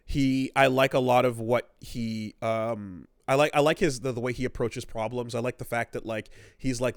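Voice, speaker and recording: This is a man co-hosting a casual gaming podcast, rambling and swearing as he acts out characters' lines. His voice is smooth and resonant. The sound is dry and close. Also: mid-range voice, fairly even intonation, moderate pace, few pauses, dry recording. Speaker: podcast co-host.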